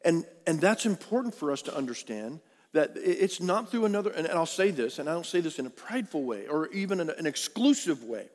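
A man's voice: big pitch swings, a little fast. Preaching man in an echoing hall. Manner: emphatic preaching, swinging from loud peaks to hushed low lines. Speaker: pastor. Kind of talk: sermon. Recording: long hall reverb.

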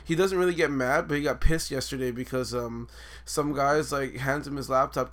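A man's voice: medium pitch, brisk, a bit bright. A young man co-hosting a casual podcast, telling work stories with swearing and laughter. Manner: storytelling, profane, laughs often. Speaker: podcast co-host. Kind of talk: casual chat.

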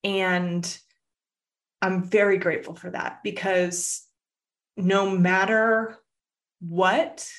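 A woman's voice: mid-range voice, level tone, very slow, long pauses. A middle-aged woman talking candidly and from the heart in a personal monologue, her voice thick as she holds back tears, with many "like"s and "right?"s. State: fighting back tears, emotional voice.

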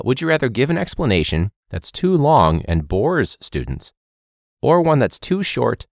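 A young man who is a teacher, hosting a podcast in a casual, animated monologue with quick impressions of students. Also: no echo, clean studio sound. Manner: animated, mimics students in high voices.

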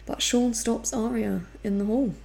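Gravelly-voiced woman recapping a TV episode. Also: fairly high pitch, measured pace. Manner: animated, acts out characters' lines. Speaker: podcast co-host. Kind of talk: casual recap chat.

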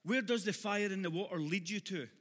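A Glaswegian man preaching a sermon in a church hall, his voice high and bright. He mixes joking asides to the congregation with passionate, shouted calls. The sound carries a long hall reverb. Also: fairly quick. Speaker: pastor.

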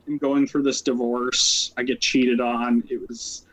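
A man's voice: mid-range voice, level tone, fairly bright tone, low-quality recording. A man being interviewed as a social worker, telling his story casually and rambling, with lots of "like" and "um" fillers. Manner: rambling, many "like" and "um" fillers, quick asides.

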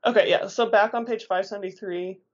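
Woman, casual book chat, chatty and animated, laughs easily, middle pitch, dull lo-fi sound. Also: a little fast. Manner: chatty and animated, laughs often, says "like" a lot. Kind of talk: casual book discussion chat, reading passages aloud.

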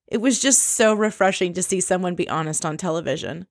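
A woman casually recapping a reality show scene by scene, chatty and quick to laugh. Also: lowish voice, dry recording, studio quality. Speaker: recap podcast host.

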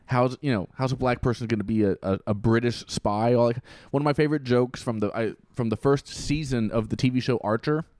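A man's voice: medium pitch, a little fast, few pauses, darkish tone, no echo. Young man, podcast co-host, rambling chat, restarts, dry close mic. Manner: rambling, frequent restarts and swearing.

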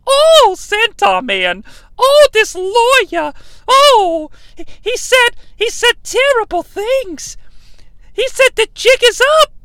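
Woman as a fretful housewife: very high, exclamatory, melodramatic, close and dry. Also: fairly bright tone, no room sound, exaggerated voice. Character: fretful housewife, prone to panic. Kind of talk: improvised comedy podcast.

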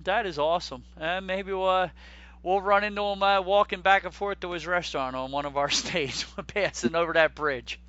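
Bright, chatty male podcast host. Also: high-pitched, normal speed, muffled recording, slight background noise. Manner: chatty, laughs easily, stumbles over words. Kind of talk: casual podcast chat.

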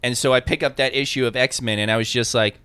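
A man's voice: medium pitch, fairly even intonation, quick pace, sharp tone, clear, resonant tone, no room sound. A man co-hosting a casual comics podcast, teasing the others and chiming in playfully. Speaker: podcast co-host. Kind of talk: casual chat.

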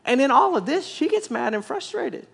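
A man pastor preaching a sermon, telling the story in an animated way with repetitive, emphatic phrasing. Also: extremely high pitch, normal speed, creaky.

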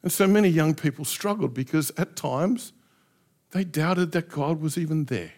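A middle-aged pastor preaching a sermon with passion, acting out heartfelt prayers in changing voices. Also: male voice, on the high side, moderate pace, a little mellow. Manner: impassioned, acts out prayers in shifting voices.

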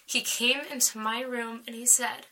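A woman sharing a personal faith story in conversation, animated and emotional, laughing often. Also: on the high side, moderate pace, poor audio.

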